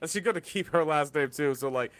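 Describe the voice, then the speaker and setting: Podcast co-host, young man, slightly high voice, dry close sound, quick laughs, crude asides. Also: a bit bright, no echo. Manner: laughs often, chimes in with crude jokes. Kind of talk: casual podcast chat.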